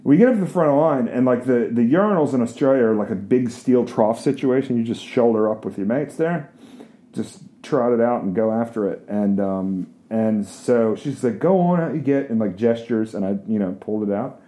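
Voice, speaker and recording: A man's voice: mid-range voice, normal speed, dark tone. Man telling a rambling crude story. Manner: rambling, crude, self-mocking. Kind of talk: comic personal storytelling.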